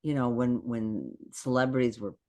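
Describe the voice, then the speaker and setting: A woman's voice: extremely low pitch, moderate pace. A woman guest on a podcast video call, telling stories in casual chat and acting out what people said. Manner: animated storyteller acting out quotes.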